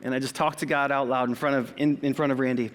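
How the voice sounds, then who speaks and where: A middle-aged man, a pastor, preaching an earnest and conversational sermon with dramatic pauses in a church sanctuary. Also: medium pitch, little pitch movement, fairly bright tone. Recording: long reverb of a large hall.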